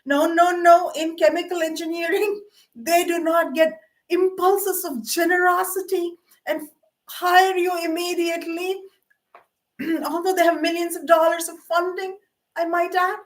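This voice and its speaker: A middle-aged woman with a high, light voice rambles through personal memories to her camera. She wanders between thoughts, mocks herself and fills the gaps with "um" and "you know". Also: little pitch movement, a little slow. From Canada. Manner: meandering, self-mocking, with frequent fillers and laughs. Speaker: vlogger.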